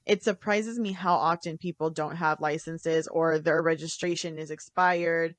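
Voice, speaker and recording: A woman's voice: sits low, steady tone, normal speed, no echo. A woman co-hosting a casual podcast, chatty, laughing often as she retells scenes from shows. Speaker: podcast co-host reviewing TV shows.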